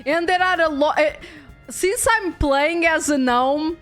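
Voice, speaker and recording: A woman's voice: high-pitched, measured pace, fairly bright tone, faint music behind. A young woman streamer chatting casually about a game, talking loosely and laughing often. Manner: chatty, frequent fillers and restarts, laughs often.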